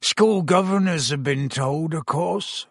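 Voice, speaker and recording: Brief: a sorrowful, slurring giant groundskeeper, slow and rustic, a touch high, as a male narrator puts him on, storybook reading. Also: big pitch swings, husky, no room sound, clean studio sound, full character voice. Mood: miserable. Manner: slurred, rustic dialect, slow heavy speech. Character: huge, drunk, miserable half-giant gamekeeper.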